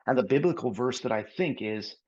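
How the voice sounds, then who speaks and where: A man, a pastor, telling his personal testimony as a podcast guest in an animated way. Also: medium pitch, a little fast, muffled recording. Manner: animated, acts out dialogue.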